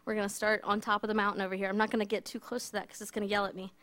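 A woman telling a Bible story in a casual, animated way, full of fillers and asides, as a teacher. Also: mid-range voice, very fast. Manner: chatty, animated, many fillers.

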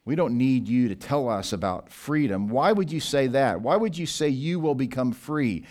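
A man's voice: mid-range voice, lively intonation, normal speed, a little mellow, lightly acted. A man voicing indignant, defensive religious leaders, raising his voice in protest. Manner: protesting, raised and emphatic.

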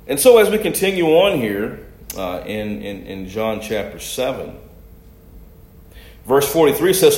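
A man preaching a sermon and reading scripture aloud, swinging from loud, raised passages to soft asides. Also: medium pitch, big pitch swings, a little slow, pauses often. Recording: echoey room.

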